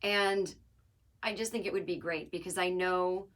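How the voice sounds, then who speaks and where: A woman's voice: medium pitch, fairly even intonation, moderate pace, a bit bright. A woman hosting her podcast alone, talking casually in a wry, joking, rambling way. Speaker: podcast host. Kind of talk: casual solo monologue.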